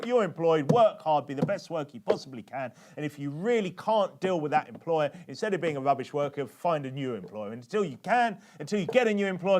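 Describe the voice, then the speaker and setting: Chatty British preacher, slightly high voice. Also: male voice, a little mellow, slight background noise. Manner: chatty, keeps asking tag questions of the congregation. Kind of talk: conversational sermon.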